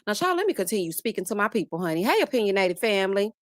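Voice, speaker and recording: A woman hosting a live-streamed reality TV review, lively and chatty, calling out "child" and "honey" as she greets viewers by name. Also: medium pitch, very fast, no echo, clean studio sound. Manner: sassy, says "child" and "honey". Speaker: host.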